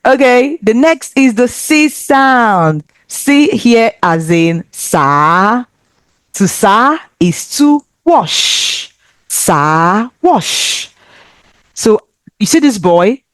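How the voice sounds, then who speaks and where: A woman teaching a children's language lesson, speaking slowly and with careful, encouraging enunciation. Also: medium pitch, very animated, a bit bright, no echo, clean studio sound.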